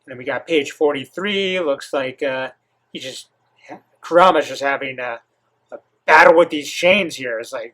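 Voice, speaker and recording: A man hosting a comic reaction, reading and commenting with many halting pauses and eager asides. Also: mid-range voice, a bit bright. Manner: halting, filler-heavy, enthusiastic asides.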